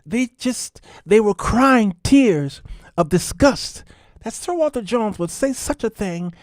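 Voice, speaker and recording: A man's voice: a little high, animated, slow pace, darkish tone, no echo, clean studio sound. A man voicing a melodramatic male narrator who hypes a scandal in an overblown way. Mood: mock dramatic. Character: breathless male narrator of a gossip video, hyping a scandal.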